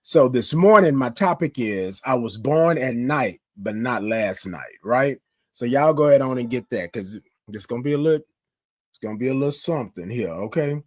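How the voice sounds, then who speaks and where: A man in his fifties with a hoarse voice from a cold, hosting a casual morning live stream and greeting viewers by name. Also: medium pitch, animated, moderate pace, no echo. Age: 50s. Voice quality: rough, scratchy voice. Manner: chatty, greets viewers by name, calls them y'all. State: hoarse, sick with a cough.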